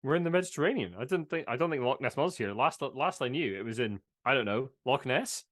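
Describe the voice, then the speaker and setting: A man's voice: animated, fast, a bit bright. A man playing a tabletop game in character, earnest and full of questions. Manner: earnest, questioning, rising pitch. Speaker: player. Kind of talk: tabletop role-play chat.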